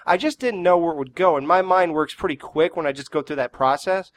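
A man's voice: on the high side, fairly quick, hardly any pauses. Sarcastic, foul-mouthed man co-host. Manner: sarcastic, profane storytelling. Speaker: podcast co-host. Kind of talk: casual movie review chat.

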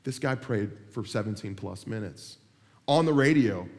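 A man's voice: fairly low pitch, moderate pace. A man preaching a sermon, joking with his listeners and acting out the people he talks about. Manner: animated, joking, acts out people he mentions. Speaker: pastor. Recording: long hall reverb.

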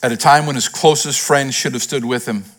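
A man, a pastor, preaching a sermon, swinging between raised, emphatic lines and hushed retellings. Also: medium pitch, steady tone, brisk.

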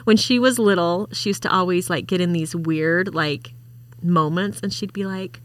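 A woman's voice: lowish voice, normal speed, no echo. A woman co-hosting a podcast in casual chat, reading out listener comments and laughing along. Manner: chatty, reads out comments with laughs. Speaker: podcast co-host.

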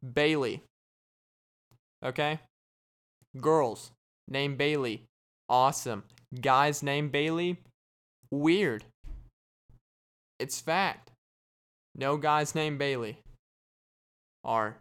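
A man hosting a podcast, giving a casual joking monologue in a deadpan way and acting out little imagined conversations. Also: a little high, extremely slow, long pauses, clear, resonant tone. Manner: deadpan, joking, acts out quoted exchanges. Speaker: podcast host.

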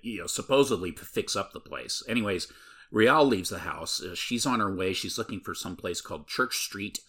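A man's voice: fairly low pitch, animated, moderate pace, fairly bright tone, husky. A man casually recapping a horror film, rambling with many filler words.

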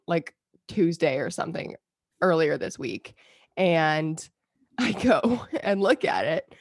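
A woman co-hosting a casual podcast, her lowish voice gravelly and groggy from a strained throat. She rambles through stories with fillers and laughter. The sound is dry and close. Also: no room sound. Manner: chatty storyteller, laughs often, many fillers. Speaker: podcast co-host. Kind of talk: casual chat.

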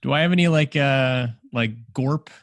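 A man playing a tabletop game, answering in character with a hesitant, halting manner. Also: mid-range voice, no room sound. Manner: hesitant, with many "um" and "uh". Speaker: player. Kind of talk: improvised role-play as a player.

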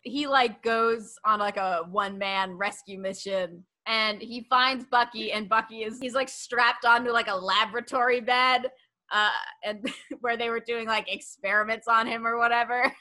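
A woman's voice: a little high, moderate pace. A woman co-hosting a podcast, chatting casually and telling stories with wry humor and frequent laughter. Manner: wry, laughing, animated storytelling. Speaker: podcast co-host. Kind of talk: casual chat.

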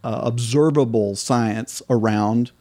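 A man's voice: mid-range voice, takes it slowly, warm tone, no echo, clean studio sound. A man co-hosting a casual podcast, talking in a rambling way with lots of fillers and restarts. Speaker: podcast co-host.

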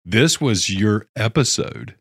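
A man hosting a podcast, talking loosely with swearing and quick laughter. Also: on the low side, lively intonation, breathy edge, no echo, studio quality. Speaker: podcast host. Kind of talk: casual podcast chat.

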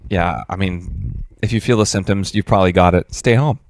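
A man co-hosting a podcast, explaining things at length in a relaxed, easygoing way, with many fillers. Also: low-pitched, moderate pace. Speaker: podcast co-host. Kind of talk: casual chat.

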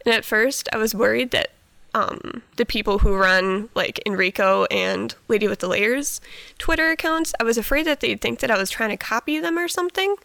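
A woman guest on a casual podcast, soft-spoken and giggly, hesitating as she talks. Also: on the high side, normal speed, vocal fry, no echo.

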